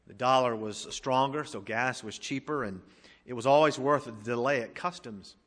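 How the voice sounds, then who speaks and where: A middle-aged man preaches a sermon in a bright, forceful voice, and the words ring out through a church with a long, lingering reverb. He builds to emphatic, rising questions, then drops low and quiet to tell a personal story. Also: normal speed. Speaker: pastor.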